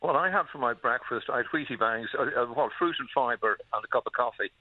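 A man's voice: medium pitch, fast, no echo, phone-quality sound. A man from Dublin calling a radio show, joking wryly in a mock-posh way. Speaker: caller.

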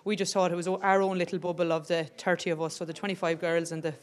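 A woman's voice: fairly low pitch, level tone, fast. An Irish woman, a footballer, being interviewed on radio, modest and laughing easily. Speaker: guest, footballer.

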